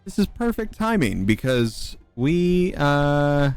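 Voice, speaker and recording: A man running a tabletop game as game master, narrating in a halting way with many fillers. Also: a little high, very animated, clear, resonant tone, faint music behind. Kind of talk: casual chat and game narration.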